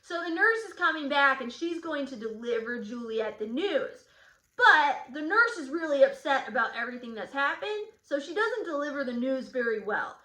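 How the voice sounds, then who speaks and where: A woman teacher walks through a literature lesson, explaining the plot and acting out the quoted lines. Her voice is high and bright, and it rings in an echoey room. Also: big pitch swings, normal speed.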